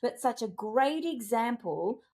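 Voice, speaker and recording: A woman speaking as a communications expert and executive coach in a podcast interview, telling stories in an animated, emphatic way with big leaps in pitch. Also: measured pace. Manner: animated, emphatic storytelling with wide pitch jumps.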